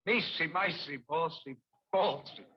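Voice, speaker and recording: A man's voice: on the high side, unhurried, slightly rough. A man playing a flustered actor with a hammy Italian accent in a vintage TV commercial, fumbling his lines. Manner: exaggerated, bumbling repeated lines. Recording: dull lo-fi old TV ad.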